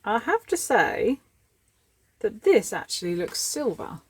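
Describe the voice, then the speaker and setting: A woman's voice: a little high, very animated, takes it slowly, breathy edge. A woman in her thirties chatting casually as she sorts through scrap, thinking aloud. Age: 30s. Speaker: scrapping vlogger. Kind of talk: casual commentary while sorting scrap.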